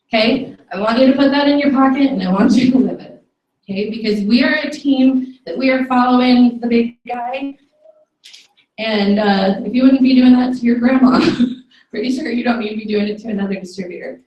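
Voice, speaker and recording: A woman's voice: fairly high pitch, a little mellow, distant mic, slight background noise. A woman giving a firm motivational training talk to her sales team in a meeting room, scolding and often checking in with "okay?". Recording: echoey room, recorded from afar.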